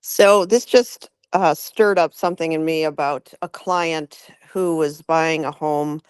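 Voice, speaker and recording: A woman's voice: low voice, a little slow, smooth, no echo. A woman real estate agent telling a client story on a group video call, acting out what each person said. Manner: animated retelling, acts out quotes.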